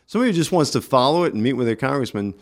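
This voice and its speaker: A man with a New York accent, a guest on a casual radio interview, talking in halting bursts with many restarts. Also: mid-range voice, animated. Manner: halting, restarts often, friendly. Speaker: community organizer guest.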